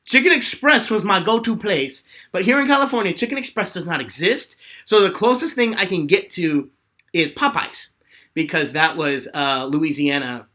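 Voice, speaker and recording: A man in his twenties answers fan questions live, telling stories with lots of energy and frequent laughter. His pitch swoops up and down, and his tone is bright and forward. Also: normal speed. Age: 20s. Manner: animated storyteller, laughs often.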